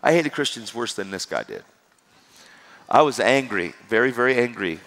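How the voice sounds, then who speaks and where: Animated preacher man in a reverberant hall. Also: medium pitch, normal speed. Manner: animated and conversational, swinging between loud and hushed. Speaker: evangelist. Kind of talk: preaching a personal testimony. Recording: long reverb of a large hall.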